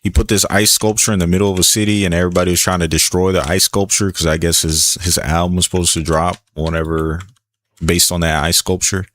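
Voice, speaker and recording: Laid-back deep-voiced man streaming a game. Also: little pitch movement, a little fast, a bit bright, no echo. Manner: laid-back, chatty, reads chat aloud. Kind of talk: casual gameplay commentary.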